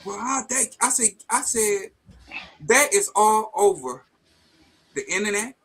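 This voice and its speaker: A man speaking as a guest on a casual talk show, in a conversational way full of halting restarts. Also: high voice, animated, fairly bright tone, slightly rough.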